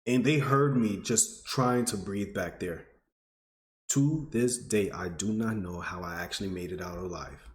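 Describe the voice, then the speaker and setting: This twenty-something vlogger talks a little slowly as he earnestly and emotionally relates a personal story to his audience. When he's stirred, his pitch goes up. The recording has a roomy sound.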